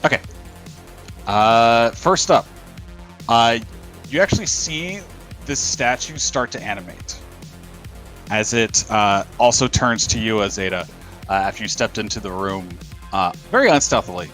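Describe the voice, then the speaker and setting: A man narrating as dungeon master in a tabletop game, halting and full of fillers. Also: lowish voice, fairly bright tone, faint music behind.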